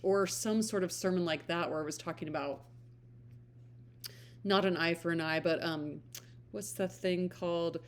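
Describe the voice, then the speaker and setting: A woman's voice: on the low side, normal speed, pauses often. A woman who reads books on her channel, talking casually and thinking aloud as she searches for her words. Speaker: book reader and vlogger. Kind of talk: casual reflective chat.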